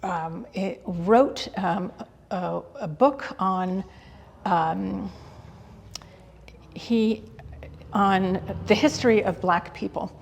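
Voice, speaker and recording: A woman curator speaks in an interview with a gravelly, breathy voice. She talks eagerly but haltingly, restarting sentences and filling gaps with "um". Her voice carries a long reverb from the hall. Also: medium pitch. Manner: enthusiastic, hesitant with many fillers and restarts. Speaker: guest curator. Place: exhibit hall.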